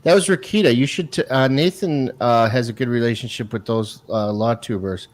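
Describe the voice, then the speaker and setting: A man's voice: medium pitch, normal speed. A man hosting a casual podcast interview, friendly and nudging his guest along. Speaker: podcast host.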